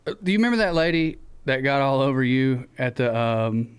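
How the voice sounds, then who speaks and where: A man with a Southern US accent, co-hosting a podcast, who tells a story in casual chat, acting out the shouted lines and swearing freely. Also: mid-range voice, lively intonation, brisk, clear, resonant tone. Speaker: podcast co-host.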